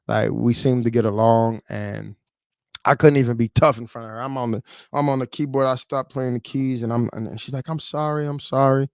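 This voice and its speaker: A man in his thirties from Chicago tells a personal story on a livestream. He speaks in a casual, emotional way, full of "like" and "you know." His voice sits at a middle pitch, and it sounds dry and close to the mic. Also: steady tone, normal speed, creaky, a little mellow, clear, resonant tone, dry recording. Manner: emotional, conversational, many fillers. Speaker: livestream host.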